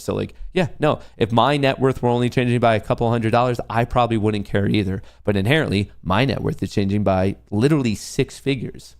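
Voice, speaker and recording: A man's voice: medium pitch, a little fast, few pauses, a little mellow. A young man hosting a live trading stream, ranting profanely at comments from his chat. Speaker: livestream trading host.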